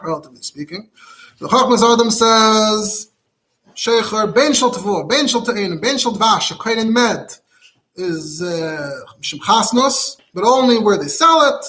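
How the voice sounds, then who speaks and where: A man teaching a rabbinic law class, reading Hebrew sources aloud and explaining them in quick, animated English. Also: high voice. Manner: fast and animated, mixing English with Hebrew text. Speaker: rabbi giving a Talmud class. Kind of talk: Torah class lecture.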